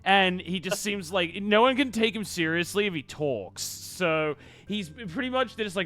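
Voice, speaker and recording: A man's voice: high voice, animated, normal speed, hardly any pauses, bright, forceful tone. A man chatting casually on a live stream, reading out viewer messages and swearing freely with his co-host.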